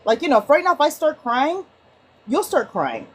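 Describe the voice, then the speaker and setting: A woman on an online group call, sharing casually with lively, acted-out anecdotes and frequent restarts. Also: high-pitched, moderate pace, low-quality recording. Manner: animated storyteller, many restarts and acted-out quotes. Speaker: book club participant.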